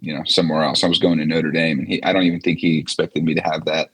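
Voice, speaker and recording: A man in his twenties, a former quarterback, telling stories as a guest in a casual interview, relaxed with many fillers. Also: extremely low pitch, fast, husky.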